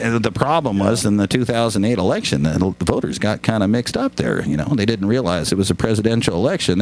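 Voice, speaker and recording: A middle-aged man chatting casually as a radio guest, folksy and joking, rambling with laughs. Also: mid-range voice. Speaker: guest musician.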